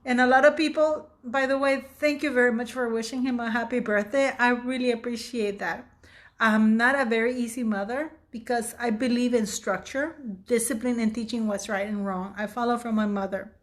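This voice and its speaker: Woman host, 50s, slightly high voice, blunt and fired-up opinion vlogging. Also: fairly even intonation, moderate pace. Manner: emphatic, blunt, indignant. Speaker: channel host. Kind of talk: opinionated commentary vlog.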